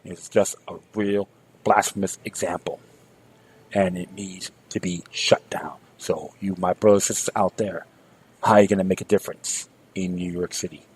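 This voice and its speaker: A man's voice: low voice, flat delivery, normal speed, a little mellow, breathy edge, low-quality recording. A man hosting a political commentary talk show, sarcastic and fiery, rallying his listeners and repeating words as he starts sentences. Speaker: show host.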